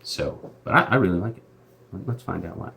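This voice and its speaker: A man's voice: low-pitched, fairly quick, gravelly, pushed and bright, husky. A man hosting a casual Bible commentary, talking in a chatty, slangy way with lots of fillers and restarts. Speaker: host.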